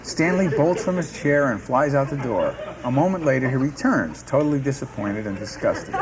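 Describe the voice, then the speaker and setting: A man narrating the stage directions of a sitcom script in a steady, descriptive reading. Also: medium pitch, moderate pace, a crowd in the background. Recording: music playing underneath.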